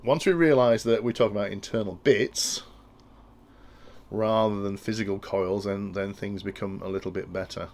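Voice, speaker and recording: Low-voiced man with gravelly tone. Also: steady tone, normal speed, darkish tone. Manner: thinking aloud with frequent restarts. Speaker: instructor explaining industrial control. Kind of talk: technical tutorial walkthrough.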